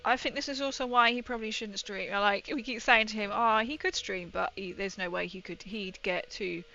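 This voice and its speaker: A woman's voice: mid-range voice, fairly quick, pushed and bright, lo-fi sound, faint music behind. A young woman chatting casually and rambling through a story while she paints on a livestream.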